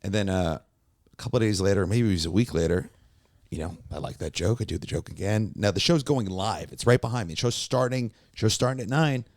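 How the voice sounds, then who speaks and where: A man with a somewhat low voice chats as a podcast guest. He is a warm-up comedian who tells lively anecdotes and slips into the voices of the people in them. The sound is dry, with no room echo. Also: brisk. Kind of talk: casual storytelling chat.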